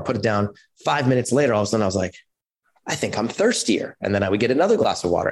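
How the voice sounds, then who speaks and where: A man in his forties from California, telling his personal story as a podcast guest in an animated way, acting out quotes and using lots of fillers. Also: fairly low pitch. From California, USA. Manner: animated storyteller who acts out quotes, many "like" and "you know" fillers.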